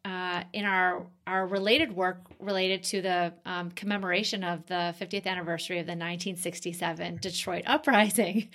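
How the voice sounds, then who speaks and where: A woman hosts the interview, opening with a long, halting introduction full of fillers and restarts. Her voice sits a little low for a woman. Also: fairly bright tone. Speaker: interviewer and author. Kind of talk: conversational interview.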